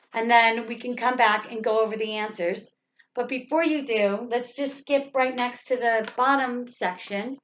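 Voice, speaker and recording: A woman teaching an English grammar lesson, speaking patiently and leaning hard on the words she wants stressed. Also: a little high. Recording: dull lo-fi sound.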